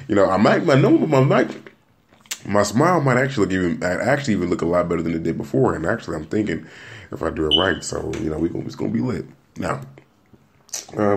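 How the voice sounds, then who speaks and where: A man's voice: deep voice, creaky. A young man hosting his own podcast, talking casually and joking, rambling and restarting his sentences. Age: young adult. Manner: rambling, joking, repeats words and restarts often. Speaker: podcast host. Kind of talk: casual solo podcast monologue.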